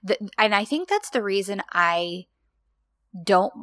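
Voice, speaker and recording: A woman chatting casually as a podcast co-host, acting out scenes with lively, expressive delivery. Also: takes it slowly, dry recording, studio quality. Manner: animated, acts out quoted lines with big pitch jumps. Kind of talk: casual chat recapping a TV drama.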